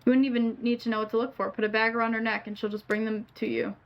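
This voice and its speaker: A woman streamer reading game dialogue aloud with playful asides, her voice a bit hoarse. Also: a little high, little pitch movement, very fast, lo-fi sound. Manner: reads lines in character, playful asides.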